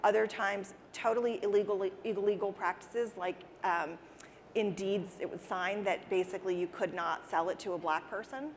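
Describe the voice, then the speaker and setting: A woman speaking earnestly as an interview guest, restarting her sentences and repeating words as she goes. Her voice sits at a middle pitch. It carries a long reverb, as if recorded in a large hall. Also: steady tone, normal speed, slight background noise. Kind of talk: conversational interview answers. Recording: reverberant hall with faint ambience.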